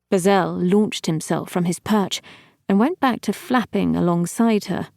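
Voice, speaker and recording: A woman narrating a fantasy audiobook in a measured, steady storytelling manner. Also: fairly low pitch, vocal fry, no room sound, studio quality. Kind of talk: scripted narration.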